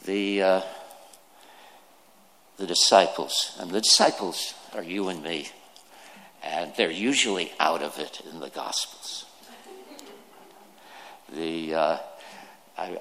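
A man preaching a sermon, slow and deliberate, putting questions to his listeners. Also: low-pitched, a bit bright, a little hiss or hum. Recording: long hall reverb.

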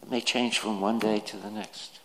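A man's voice: on the low side, little pitch movement, moderate pace, gravelly, fairly bright tone, slight background noise. A man preaching a sermon, telling jokes and stories and acting out the quoted lines. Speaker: pastor. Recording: reverberant hall.

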